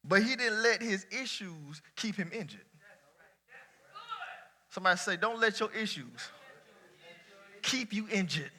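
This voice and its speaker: A man preaching a sermon to a church congregation, talking casually, shouting at some points and dropping low at others. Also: unhurried, pauses often. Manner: lively colloquial preaching, swinging between shouts and near-quiet asides. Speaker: pastor.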